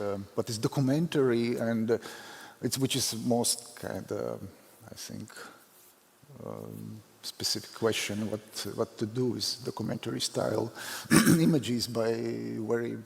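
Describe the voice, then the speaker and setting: Gravelly Latvian man in a big hall. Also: mid-range voice. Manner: halting, self-deprecating, many fillers. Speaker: photographer giving a conference talk. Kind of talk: unscripted conference presentation. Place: large hall. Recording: long hall reverb.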